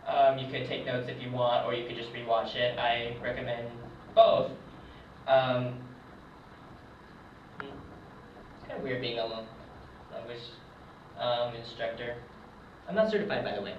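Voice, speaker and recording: Young male hobbyist teacher at a whiteboard, slow and halting, roomy dull far-off camera sound. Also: mid-range voice, slight background noise. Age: young adult. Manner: hesitant, many ums, slow and unhurried. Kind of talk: casual whiteboard lesson. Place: room, writing at a board. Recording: echoey, distant, dull lo-fi camera audio.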